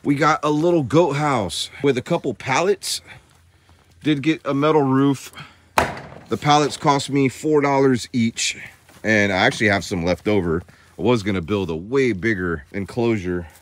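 A man's voice: mid-range voice, moderate pace, a little hiss or hum. A man hosting his vlog outdoors on a small farm, chatting casually to camera and cooing baby talk at the animals. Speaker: vlog host.

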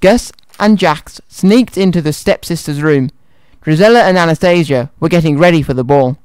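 Cheerful radio guy reading a kids' story, bit higher voice, close studio mic. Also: normal speed, darkish tone, clear, resonant tone, no room sound. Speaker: radio presenter. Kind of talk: children's radio show, reading a story aloud. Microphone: studio microphone.

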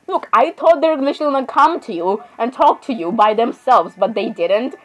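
A woman's voice: fairly high pitch, animated, fairly quick, a bit bright, soft background music, poor audio. A woman giving casual game commentary, rambling, apologizing constantly and giggling at her own asides. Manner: rambling, keeps saying sorry, giggly asides. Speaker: gameplay commentator.

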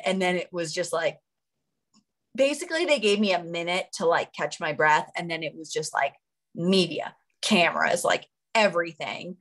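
A woman's voice: lowish voice, normal speed, fairly bright tone. Bubbly young American woman, giggly. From United States. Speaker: Olympic marathon runner, guest. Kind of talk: casual interview chat.

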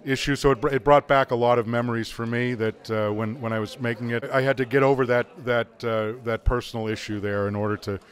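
A man's voice: mid-range voice, fairly even intonation, quick pace, few pauses. A man from Boston, a film director, answering interview questions in a hesitant way. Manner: hesitant, many uh fillers.

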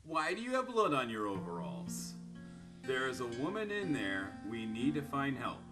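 A man doing let's-play commentary, reading answers aloud in animated voices and laughing often. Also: mid-range voice, moderate pace, music in the background. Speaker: gaming YouTuber.

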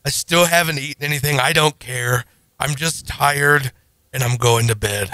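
A man in his thirties, a podcast co-host, telling a story in a casual, animated, self-deprecating way. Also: mid-range voice, normal speed, no room sound.

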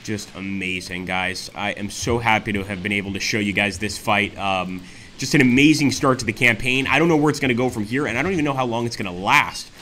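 Excitable man narrating a war game. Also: lowish voice, fairly quick, slight background noise. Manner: excitable, exclaims often, addresses viewers as guys. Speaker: gaming channel host. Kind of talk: let's play commentary.

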